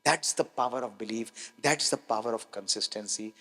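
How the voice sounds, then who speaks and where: A man's voice: on the low side, normal speed, bright, forceful tone. Emphatic man in an echoing hall. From India. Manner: emphatic, repeats key lines, asks the audience rhetorical questions. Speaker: doctor giving a health talk. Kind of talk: motivational public talk. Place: large hall with an audience. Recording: long hall reverb.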